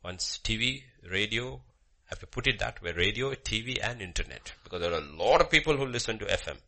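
Male pastor, fervent sermon delivery; bright, husky tone. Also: fairly low pitch, animated, fairly quick. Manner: fervent, emphatic, repeats phrases, swings between loud and hushed. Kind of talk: sermon with opening prayer.

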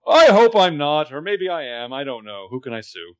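A man's voice: a little high, very animated, moderate pace, fairly bright tone, smooth, no room sound. A man co-hosting a casual recap chat, sharing his readings and theories. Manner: chatty, shares readings and theories. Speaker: podcast co-host.

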